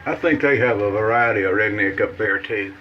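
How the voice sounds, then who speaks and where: This Southern-accented man from Mississippi shows off a shave in a casual vlog, rambling and cracking jokes in a folksy way. His voice sits on the low side and moves fairly quickly. Soft music plays behind the lo-fi recording.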